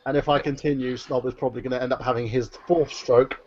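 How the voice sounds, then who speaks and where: A man's voice: mid-range voice, fairly even intonation, fast talker, darkish tone. A man, teasing and wisecracking in a casual live-stream group chat. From London. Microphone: online voice chat. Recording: muffled lo-fi voice chat.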